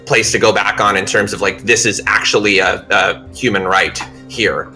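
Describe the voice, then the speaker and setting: A man's voice: on the low side, fairly even intonation, moderate pace, bright, forceful tone, faint music behind. A young man, a bartender, chatting casually and rambling with lots of filler and swearing before a tabletop game stream. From Canada. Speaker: player, bartender.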